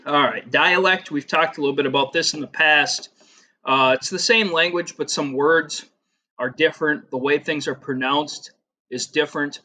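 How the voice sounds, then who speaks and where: An American man in his thirties teaches a casual geography lesson on video, chatting and rambling with plenty of filler words and personal stories. His voice is fairly high, pushed, and bright, at a moderate pace.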